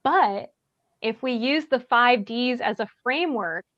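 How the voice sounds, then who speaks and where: A woman calmly explaining how to handle tense situations, often checking in with "right?". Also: a little high, a little slow, no echo. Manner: calm, explanatory, many "right?" tags. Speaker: bystander intervention trainer. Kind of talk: workshop discussion, answering questions. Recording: dry, dull lo-fi sound.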